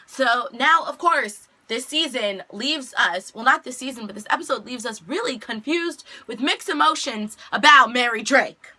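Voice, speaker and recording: Girl doing a tv recap vlog, bright voice, super chatty, lots of "and she's like". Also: a little high, expressive, moderate pace, few pauses. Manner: chatty, retells scenes with "like" quotes. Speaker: TV recap vlogger. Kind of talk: casual episode recap.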